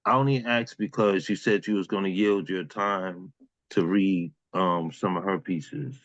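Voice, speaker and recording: A man's voice: deep voice, fairly even intonation, a little slow, a bit bright, no echo, lo-fi sound. A man hosting an online open mic, chatting casually and affectionately with the poets over a video call. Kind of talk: casual emcee chat.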